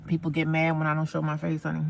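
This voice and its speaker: A woman's voice: sits low, monotone, quick pace, vocal fry, noisy background. A woman rambling casually on a livestream from inside her parked car, repeating herself and calling her viewers y'all and honey, recorded on a phone. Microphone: phone camera.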